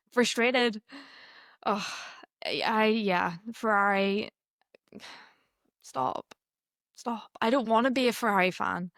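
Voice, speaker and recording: A woman co-hosting a motorsport podcast in casual chat, laughing often and exasperated, with quick asides. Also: fairly high pitch, a bit bright, dry recording, studio quality. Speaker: podcast co-host.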